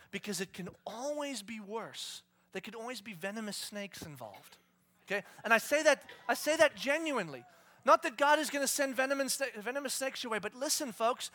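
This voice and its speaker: A middle-aged man preaching a sermon, animated, acting out quotes with raised and shouted voices. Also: high voice. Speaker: pastor.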